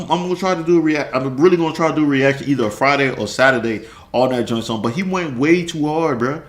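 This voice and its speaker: A man on a casual stream rant, heavy on slang and repeated phrases and breaking into laughs. His voice sits fairly high and swings widely in pitch. The sound carries a roomy echo. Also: fairly bright tone. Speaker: streamer ranting.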